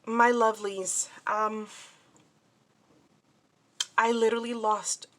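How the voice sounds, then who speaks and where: A woman's voice: fairly high pitch, flat delivery, slow, fairly bright tone. Chatty woman showing off crafts. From New Jersey, USA. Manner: chatty, scattered, many fillers and restarts. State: upset and shaken. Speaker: crafting vlogger. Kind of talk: casual crafting show-and-tell.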